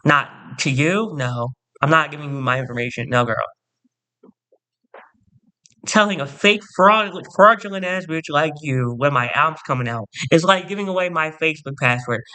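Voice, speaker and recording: A man's voice: on the high side, fairly quick, few pauses, pushed and bright, clean tone. A man telling a profane, sassy storytime rant to camera as a vlogger.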